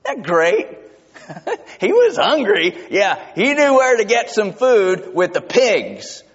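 A male pastor preaching a sermon, emphatic, asking his congregation rhetorical questions and reading scripture slowly. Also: sits high, huge pitch swings, slightly rough. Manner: reads scripture slowly and deliberately. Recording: dull lo-fi recording with long hall reverb.

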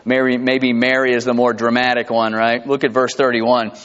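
A man preaching a sermon in a church, conversational and animated, with asides and chuckles. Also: medium pitch, normal speed, big-room sound, muffled recording. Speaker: pastor. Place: church sanctuary.

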